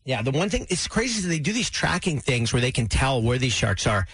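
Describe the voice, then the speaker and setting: Husky-voiced man hosting morning radio. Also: medium pitch, very animated, a little fast, fairly bright tone, no room sound. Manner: chatty, laughs easily, many "like" fillers. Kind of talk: casual radio banter. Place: radio studio. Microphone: studio microphone.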